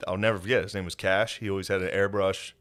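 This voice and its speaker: A man's voice: little pitch movement, fast talker, fairly bright tone. A young man co-hosting a podcast, swearing and laughing as he tells crude stories in casual chat. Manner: crude, laughing storyteller who acts out shrill voices. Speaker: podcast co-host.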